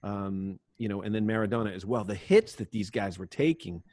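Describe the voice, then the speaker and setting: A middle-aged man hosting a podcast, joking and animated as he tells stories and questions his guest. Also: lowish voice, brisk, dry recording. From Ireland. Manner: jokey, animated, lively storytelling. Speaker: podcast host. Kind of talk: casual interview chat.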